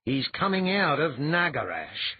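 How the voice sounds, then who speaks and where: A man's voice: a little high, sing-song, a little slow, husky, dry recording, dull audio, pitched above the performer's own voice, heavily acted. A man voicing an anxious senior male priest in an audiobook, fretful and easily alarmed. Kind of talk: audiobook character voice.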